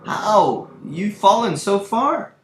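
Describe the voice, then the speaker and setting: Man putting on a loud rustic young peasant. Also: very animated, slow pace, full character voice. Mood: urgent, exclaiming. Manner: loud, high, rustic put-on accent. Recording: roomy room, faint background hum.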